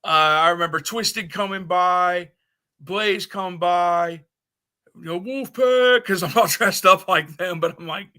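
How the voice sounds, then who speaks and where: A man's voice: sits high, measured pace, bright, forceful tone. A man chatting as a podcast guest, laid-back, recalling old times in rambling stories. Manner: laid-back, short agreements, rambling recollections. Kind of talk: casual chat, reminiscing.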